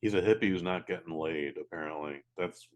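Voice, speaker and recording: A man's voice: deep voice, a little fast. A man, co-hosting a casual podcast, making blunt, sweary, sardonic remarks. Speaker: podcast co-host.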